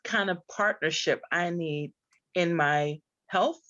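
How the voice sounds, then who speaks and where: A woman's voice: fairly low pitch, slow pace, sharp tone, dry recording. A woman coach speaking earnestly in a panel discussion over a video call. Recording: dry, dull lo-fi audio.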